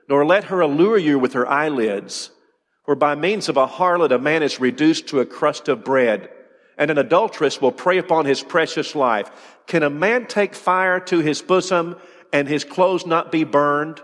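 A man's voice: a little high, moderate pace, fairly bright tone. Emphatic male preacher in a reverberant hall. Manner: emphatic, rhetorical questions, repeats words. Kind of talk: sermon.

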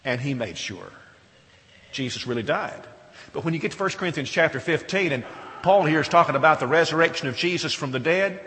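A man's voice: fairly high pitch, animated, brisk, bright, forceful tone. Earnest preacher man in a reverberant hall. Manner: earnest, rising to emphatic, asks the listeners questions. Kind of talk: sermon.

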